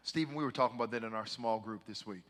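A man preaching a sermon as pastor, swinging from hushed, quiet talk to loud, fervent shouting. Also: on the low side, fast, in a large hall.

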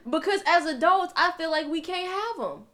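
Woman, casual chat, high voice, playful, confessional. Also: moderate pace, fairly bright tone.

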